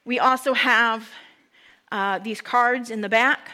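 Emotional woman pastor, bright voice. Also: on the high side, steady tone, slow. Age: young adult to middle-aged, a parent. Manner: emotional, voice dropping to whispers. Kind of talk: sermon.

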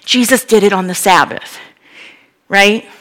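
A woman preaching a sermon, retelling a Bible story in a lively, conversational way with frequent asides. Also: medium pitch, unhurried.

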